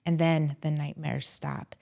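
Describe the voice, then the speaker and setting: A woman therapist chats as a guest on a podcast, lively and earnest, often slipping into little acted-out quotes. Her voice sits a touch low for a woman. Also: a little slow, gravelly. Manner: animated, acts out quotes from clients and herself; earnest and heartfelt about her work. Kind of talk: casual podcast conversation.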